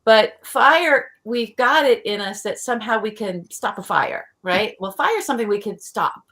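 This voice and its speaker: A woman's voice: on the high side, expressive, normal speed, a bit bright. A woman who grew up in the American Midwest, hosting a casual discussion and thinking aloud as she searches for words. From Tornado Alley, US Midwest. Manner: thinking aloud with many restarts.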